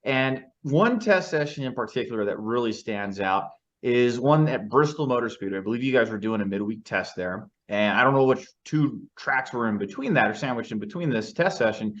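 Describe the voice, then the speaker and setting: A man co-hosts a podcast in easy conversation and walks through details before he hands over a question. His pitch is ordinary, and the sound is slightly muffled and lo-fi. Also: lively intonation, a little fast, a bit bright. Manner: detailed, recaps and sets up questions. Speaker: podcast co-host. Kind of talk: casual podcast chat. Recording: slightly dull lo-fi audio.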